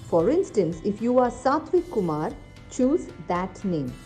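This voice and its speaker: A woman giving a clear, friendly, step-by-step voice-over on how to use an app. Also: mid-range voice, big pitch swings, unhurried, dark tone. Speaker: app tutorial presenter. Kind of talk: instructional voice-over. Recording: faint music behind.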